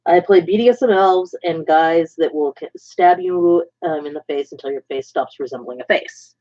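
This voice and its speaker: A woman's voice: deep voice, normal speed, warm tone. A woman chatting casually as a livestream host, rambling and joking about herself, with murmured asides. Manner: rambling, self-deprecating, drops into murmured asides. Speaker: livestream host painting miniatures. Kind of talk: casual chat. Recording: dull lo-fi stream audio.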